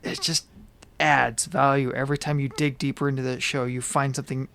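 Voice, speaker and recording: Relaxed man podcast co-host. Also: mid-range voice, brisk, vocal fry. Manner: relaxed, thoughtful, some false starts. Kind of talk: casual chat.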